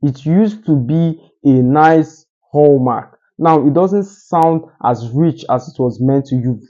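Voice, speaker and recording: A man talking straight to the camera with deliberate pauses, teaching how to speak more articulately. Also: on the high side, mellow, dull audio. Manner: deliberate, uses pauses for emphasis. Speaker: communication coach. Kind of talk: solo talking-head advice.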